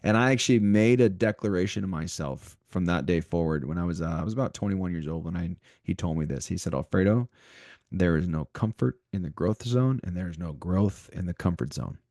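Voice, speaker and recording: Deep-voiced man hosting a motivational podcast. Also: fairly quick, no echo, clean studio sound. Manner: animated, repeats himself, talks straight to listeners. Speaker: podcast co-host.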